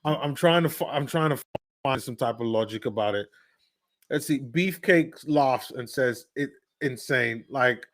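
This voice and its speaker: A man giving live play-by-play commentary as a fan on a watch-along stream, sighing in disbelief and getting loud when his team scores. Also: medium pitch, unhurried, dry recording. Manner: excitable fan, swings from sighing disbelief to shouting.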